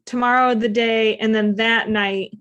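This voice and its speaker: A woman's voice: a little high, fairly even intonation, measured pace, a bit bright, clean tone, highs cut off. A woman playing a tabletop game, asking hesitant, rambling questions about the plan.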